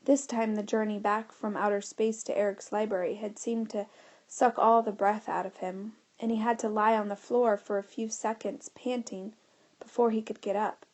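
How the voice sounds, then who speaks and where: A woman narrating a children's adventure audiobook in a lively storytelling manner. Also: mid-range voice, normal speed. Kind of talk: scripted narration.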